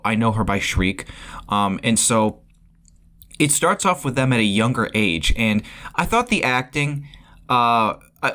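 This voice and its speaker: A man talks through a casual spoiler review of a film to his viewers. His voice sits at an ordinary middle pitch, and he rambles as he goes, tripping over words, repeating himself and restarting sentences. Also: fairly bright tone. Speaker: movie reviewer.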